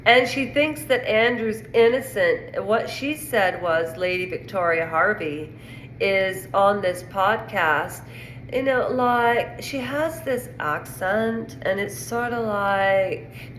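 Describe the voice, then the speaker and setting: A woman's voice: mid-range voice, slow, a bit bright. A woman from Canada giving a rambling, indignant casual opinion monologue on pop culture. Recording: echoey room with faint noise.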